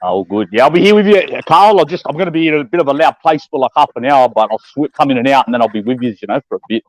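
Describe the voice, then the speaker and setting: Fast-talking man calling into a stream. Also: medium pitch, expressive, dry recording, rough recording. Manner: matey, repeats himself. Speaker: stream guest on a call. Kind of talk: casual chat.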